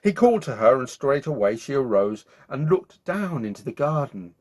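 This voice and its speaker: A man hosting his own show, reading a children's bedtime story aloud in an expressive, animated way. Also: medium pitch, normal speed. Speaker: storyteller host.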